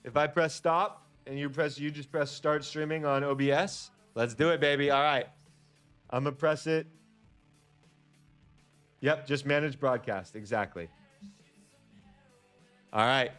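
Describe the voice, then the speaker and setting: A man's voice: on the high side, a little slow, pauses often, fairly bright tone, faint music behind. A man hosting a casual trading livestream, talking upbeat and chatty to his viewers.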